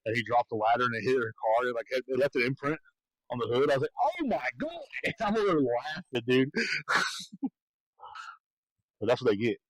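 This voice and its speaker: A man's voice: mid-range voice, fairly even intonation, normal speed, long pauses, fairly bright tone, dry recording, poor audio. A man co-hosting a podcast, telling rambling stories in casual chat and laughing often. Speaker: podcast co-host.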